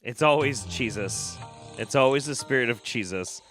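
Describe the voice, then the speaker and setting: A man's voice: mid-range voice, lively intonation, moderate pace, loud music behind the voice. A man hosting a live stream, casually reacting to clips with laughter, swearing and rambling asides. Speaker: streamer host.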